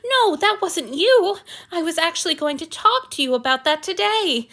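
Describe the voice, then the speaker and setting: A woman's voice: extremely high pitch, lively intonation, moderate pace, a bit bright, voice pushed up, heavily acted. A woman voicing an eager, apologetic young servant. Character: earnest young male human servant, devoted.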